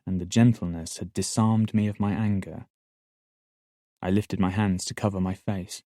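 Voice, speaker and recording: Deep-voiced male audiobook narrator. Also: steady tone, normal speed, dark tone, dry recording, studio quality. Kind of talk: scripted narration.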